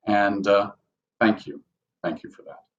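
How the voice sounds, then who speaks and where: A man's voice: lowish voice, measured pace, a bit bright, lo-fi sound. A man co-hosting a live stream, talking casually in a gracious, hesitant way and thanking his guest. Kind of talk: casual conversational talk.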